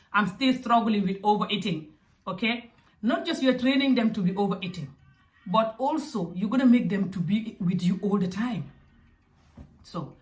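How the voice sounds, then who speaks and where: A young adult woman from Africa giving parenting advice in a casual, direct, animated way. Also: mid-range voice. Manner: animated and direct, with acted asides. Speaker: parenting vlogger. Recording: echoey room.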